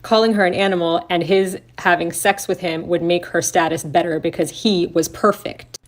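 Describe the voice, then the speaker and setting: A woman's voice: lowish voice, fairly even intonation, normal speed. Indignant woman reading a report aloud. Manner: sarcastic, indignant, swears. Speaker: podcast co-host.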